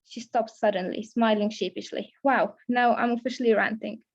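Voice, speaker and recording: A young woman student reads her first-person fiction aloud, steady and level with the odd restart. Her voice sits fairly high with little rise and fall. It comes through a dull, lo-fi video call line. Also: normal speed. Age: young adult. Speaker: creative writing student. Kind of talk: reading own fiction aloud.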